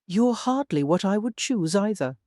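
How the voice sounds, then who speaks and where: A narrator voicing a spirited, proud young lady from a Regency romance audiobook, with sharp, cold retorts set higher than the narration. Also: very animated, moderate pace, no room sound, studio quality, close to an everyday voice. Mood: indignant. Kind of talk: audiobook dialogue.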